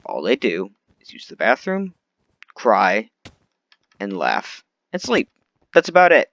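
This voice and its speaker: A man's voice: lowish voice, huge pitch swings, slow pace, gravelly, a bit bright, no echo, lo-fi sound. A man delivering an unscripted, rambling rant full of complaints, often restarting his sentences. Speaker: vlogger.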